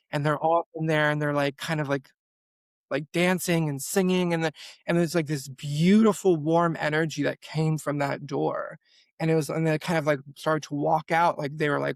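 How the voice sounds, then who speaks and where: A young man telling a personal story as a podcast guest, animated and full of "like" fillers. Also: fairly high pitch, gravelly, no room sound. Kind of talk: storytelling in an interview.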